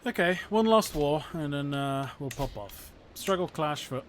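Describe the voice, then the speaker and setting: A man's voice: a little high, expressive, measured pace, few pauses, music in the background. A man in his thirties from Portugal, a native Portuguese speaker with a British-sounding English accent, chatting articulately with viewers while playing a strategy game. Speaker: historian streaming a strategy game. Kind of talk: casual livestream chat and game commentary.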